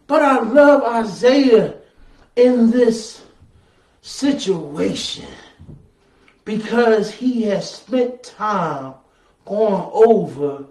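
High-voiced preacher in an echoey church. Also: male voice, expressive, extremely slow, far from the mic. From Southern US. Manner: call-and-response preaching, building to shouts. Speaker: pastor. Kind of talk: sermon. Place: church sanctuary, from afar.

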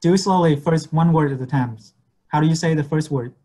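Guy w teaching a class online, patient, says words slow, kinda high voice. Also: mellow, slight background noise. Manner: patient, repeats words slowly, code-switches. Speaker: medical English teacher.

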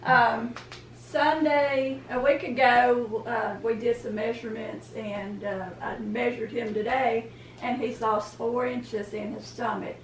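A woman telling family stories casually to camera, chatty and quick to laugh. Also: a little high, steady tone, a little hiss or hum. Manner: chatty storyteller, laughs easily. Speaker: homestead vlogger. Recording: echoey room, mic at a distance.

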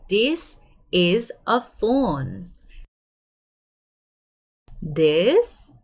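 Korean teacher lady in her 30s, korean accent, bouncy lively voice, cheery encouraging lesson talk. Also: fairly high pitch. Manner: lively, encouraging, drawn-out model phrases. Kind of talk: online language lesson.

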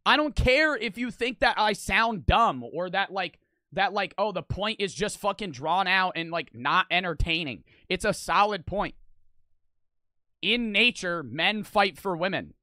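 Young guy ranting on a reaction stream, bright kinda tense voice, dry close sound, keeps cussing and restarting. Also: sits high, measured pace, no echo. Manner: argumentative, rambling, swears a lot, many restarts. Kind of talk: reaction commentary.

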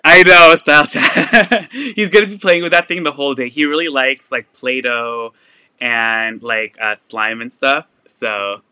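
A young man hosting a casual live sale stream, chatting loosely with lots of fillers and quick laughs. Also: medium pitch, pushed and bright, clean tone, dry recording.

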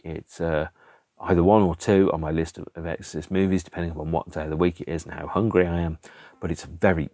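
A man's voice: deep voice, darkish tone, no room sound, studio quality. A man hosting a casual podcast, reviewing films in an exasperated, emphatic way with rhetorical questions and the odd swear word. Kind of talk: casual chatty film review.

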